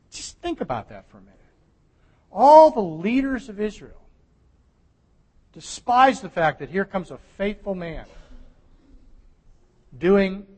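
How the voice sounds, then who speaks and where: A man preaching a sermon with emphatic, animated delivery that swings from loud stresses to hushed asides. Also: high voice. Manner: animated, emphatic preaching with sudden drops to near-whisper. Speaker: pastor. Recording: long hall reverb.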